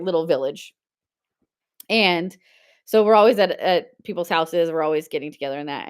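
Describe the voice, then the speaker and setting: A woman's voice: lowish voice, clear, resonant tone. Chatty woman hosting a live sale. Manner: chatty storytelling, laughs often, reads viewer comments. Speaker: live-stream seller. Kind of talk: casual live-stream chat.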